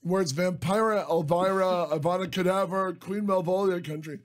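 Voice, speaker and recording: High-voiced joking radio co-host man. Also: steady tone, moderate pace. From Detroit, USA. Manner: teasing, full of jokey asides. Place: radio studio.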